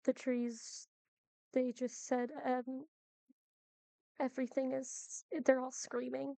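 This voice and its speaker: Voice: sits high, completely flat delivery, slow pace, creaky, mellow, smooth, no room sound, exaggerated voice. A woman voicing an earnest young female druid in a sing-songy way.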